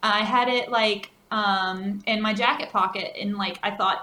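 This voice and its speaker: A woman co-hosting a podcast in casual chat, animated, laughing often and slipping in Spanish words. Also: mid-range voice, moderate pace, hardly any pauses, roomy sound. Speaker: podcast co-host.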